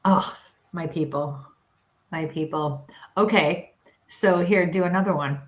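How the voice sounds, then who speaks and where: Woman, Western New York accent, lowish voice, animated and laughing, echoey room. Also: unhurried. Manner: animated storyteller, laughs often, acts out voices. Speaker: co-host. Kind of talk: casual chat on a livestream.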